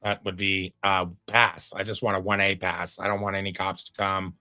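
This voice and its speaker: A laid-back male streamer chats through a live reaction video in a folksy, drawling way. His voice sits on the low side and sounds dry and close, with faint music playing underneath. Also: little pitch movement, moderate pace, pushed and bright, no room sound. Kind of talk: casual live commentary.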